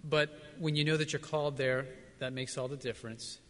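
A man's voice: mid-range voice, steady tone, brisk. A man as a missionary answering questions at a church service, earnest, reflective and plainspoken. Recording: long reverb of a large hall.

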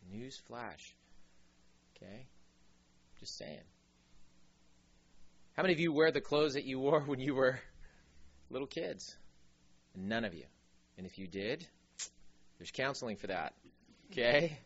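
A pastor with a mid-range voice preaches at a measured pace, pausing often, on a lo-fi recording. He tells animated stories, acts out the voices, and adds joking asides.

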